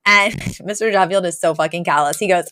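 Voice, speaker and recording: A woman's voice: lowish voice, brisk, bright, forceful tone, no room sound. A woman co-hosting a podcast, chatting casually and laughing often as she recaps a sitcom episode. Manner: chatty, laughs often, many fillers and restarts. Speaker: podcast co-host.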